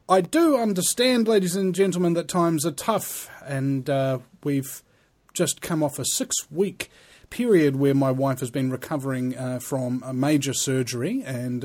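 A man's voice: mid-range voice, a little mellow. A man hosting a talk radio show, speaking in a rambling, earnest monologue with many fillers.

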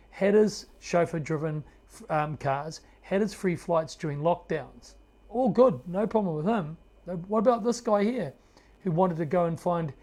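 A man's voice: fairly high pitch, darkish tone. A man with a New Zealand accent giving opinionated commentary to camera in an indignant, sarcastic tone. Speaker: political commentator.

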